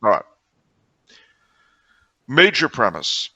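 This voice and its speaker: Deadpan man spinning a mock-logical story. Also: medium pitch, takes it slowly, slightly rough, no room sound, muffled recording. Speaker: podcast co-host. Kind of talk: casual comedic chat.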